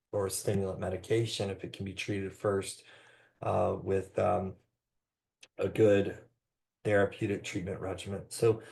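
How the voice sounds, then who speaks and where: A man with a fairly low voice presents to a room of clinicians. He is a trainer on trauma-informed care, and his delivery is unscripted and halting, full of ums, uhs and restarts. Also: gravelly, a little mellow. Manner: hesitant, many fillers and restarts.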